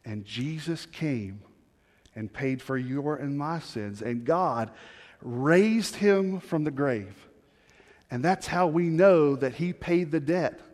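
Guy preaching in a big echoey church, voice a bit high, goes quiet and low to make a point. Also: expressive, slow pace. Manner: storytelling preacher, drops low and quiet for emphasis, rises for appeals. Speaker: pastor. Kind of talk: sermon. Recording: long hall reverb.

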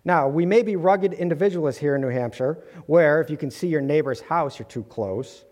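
A man's voice: on the high side, a little fast, darkish tone. A man delivering an earnest sermon to his congregation, with light humorous asides. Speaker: preacher. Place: church sanctuary. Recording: long hall reverb.

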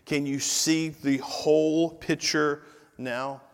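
A man preaching a sermon with emphatic, repetitive delivery that builds to loud climaxes, with casual asides to the congregation and the slide operator. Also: a little high, little pitch movement, slow pace, vocal fry, clean tone. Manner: informal asides to the congregation and tech team. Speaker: pastor. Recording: long reverb of a large hall.

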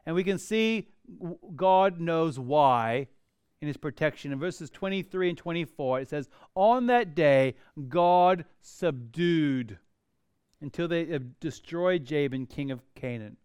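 A middle-aged pastor delivers a sermon, spinning stories with animated emphasis and wry humorous asides. His voice sits high and sounds smooth and resonant. The recording is close and dry. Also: a little slow, no room sound.

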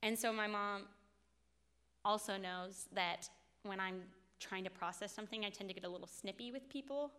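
A woman's voice: mid-range voice, normal speed, a bit bright, smooth, long reverb tail. A woman in her twenties giving a sermon, telling a personal story in an earnest, confessional way. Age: 20s. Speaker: speaker at a faith talk.

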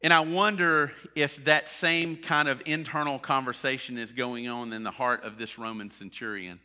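A man's voice: medium pitch, steady tone, normal speed, bright, forceful tone. A man preaching a sermon in a conversational way, with many fillers and restarts. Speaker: pastor.

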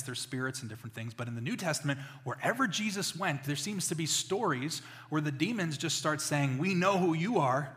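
A man preaching a sermon as pastor, telling stories with loud exclamations and quiet asides. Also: fairly high pitch. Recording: reverberant hall.

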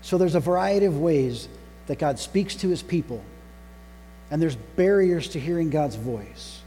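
Male pastor, mellow tone, deliberate emphatic sermon delivery, long room reverb, faint hum behind. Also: on the high side, lively intonation. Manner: deliberate, emphatic on single words.

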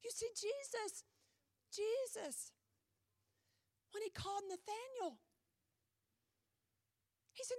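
A woman pastor preaching a sermon in a church, emphatic with dramatic pauses, her voice a little strained. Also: extremely high pitch, a little mellow, dry recording. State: voice trouble, slightly strained.

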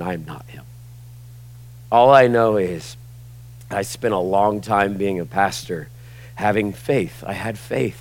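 With a medium-pitched voice, a pastor in his forties addresses his congregation in a church sanctuary, preaching in a laid-back, conversational style and often saying "like" and "y'all." The recording has no echo.

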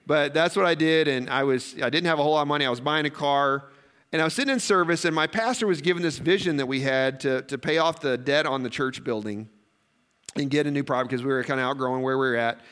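A man preaching a sermon, telling stories in a conversational way with quick asides and questions to the congregation. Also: on the high side, fairly bright tone, smooth. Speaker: pastor.

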